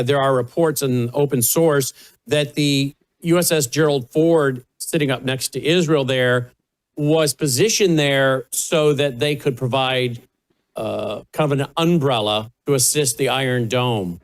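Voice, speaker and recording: A man's voice: mid-range voice, moderate pace. A man with a mid-range voice co-hosts live breaking news. He relays reports and asks his guest probing questions in a conversational tone. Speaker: news co-host.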